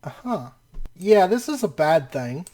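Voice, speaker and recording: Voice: mid-range voice, sing-song, a little slow, warm tone. A host giving casual gameplay commentary, often laughing and exclaiming in disbelief, rambling and correcting themself as they narrate each action. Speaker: let's play host.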